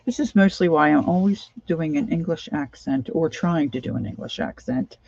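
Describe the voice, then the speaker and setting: A woman's voice: sits low, moderate pace, creaky, a little mellow, no echo. A woman chatting casually while she works on a craft project, rambling, humming and singing bits to herself, and sleep-deprived. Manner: rambling, sings and hums to herself while working. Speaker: crafting vlogger. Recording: dull lo-fi home recording.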